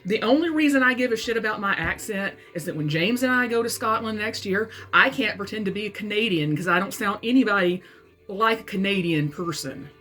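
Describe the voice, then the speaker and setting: A woman's voice: mid-range voice, fairly quick, a bit bright, faint music behind. A woman from Alabama with a Southern accent, venting fury in a profane, emphatic personal rant. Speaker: vlogger and author.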